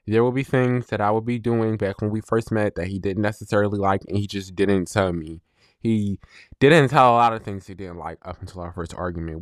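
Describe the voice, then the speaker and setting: A man with a lowish voice hosts a solo podcast, talking through a breakup in a candid, unfiltered way. He swears freely and pauses to reflect. The sound is dry and close, with no room around it. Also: clear, resonant tone, dry recording. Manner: candid, blunt and profane, slow and reflective. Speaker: podcast host. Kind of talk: confessional solo podcast monologue.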